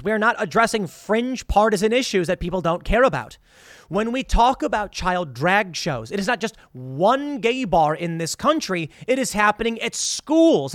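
A man's voice: sits high, fairly bright tone, dry recording, clean studio sound. A man hosting his own political commentary show, reading quotes aloud and reacting with sarcasm.

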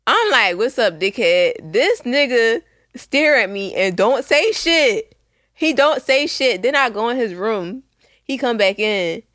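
A young woman with a Philadelphia accent, co-hosting a podcast in blunt, laughing, animated casual chat. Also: on the high side, unhurried, dry recording, studio quality. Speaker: podcast co-host.

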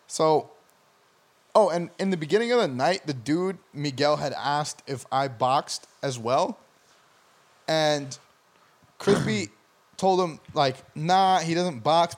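A young man telling a rambling, profane story in casual chat. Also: fairly high pitch.

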